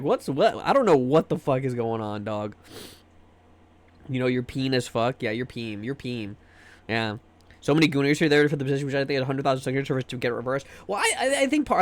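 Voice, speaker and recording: A young American man ranting casually on a livestream, rambling and profane, repeating words as he restarts sentences. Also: a little high. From United States. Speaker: livestream host. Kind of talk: casual stream chat.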